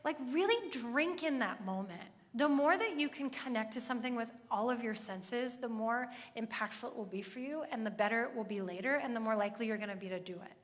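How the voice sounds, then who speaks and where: A woman's voice: on the high side, brisk, few pauses. Give me a woman in her thirties preaching conversationally, her voice echoing through a big hall. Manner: chatty, earnest, with asides. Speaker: church speaker. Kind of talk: conversational sermon. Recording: echoey hall.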